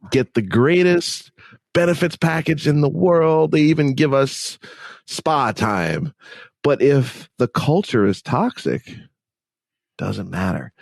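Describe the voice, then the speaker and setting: Upbeat man, low dry voice. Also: creaky, a little mellow, husky, no echo. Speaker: podcast guest, mental health speaker. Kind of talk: conversational interview.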